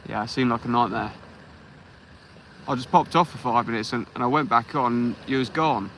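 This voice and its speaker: An easygoing English man runs a live fishing stream from the shore, greeting each viewer by name. His voice is bright and forceful, and he speaks into a phone outdoors at night. A faint background hum sits under him. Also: mid-range voice, normal speed, low-quality recording. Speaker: fishing livestream host. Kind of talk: casual live chat while fishing.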